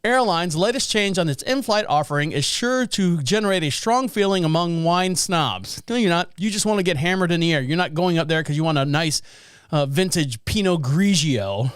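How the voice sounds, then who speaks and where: A man's voice: fairly high pitch, lively intonation, normal speed, smooth, no room sound, clean studio sound. A man hosting a podcast, riffing sarcastically and rambling over news stories. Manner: sarcastic, rambling, laughs at own jokes. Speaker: podcast host. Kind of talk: casual news commentary.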